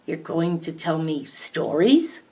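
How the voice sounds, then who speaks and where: A woman's voice: low-pitched, very animated, takes it slowly, a little mellow, heavily acted. A woman voicing a stubborn young boy who talks in a blunt, questioning way, recorded from a distant mic. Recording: distant mic, faint background hiss.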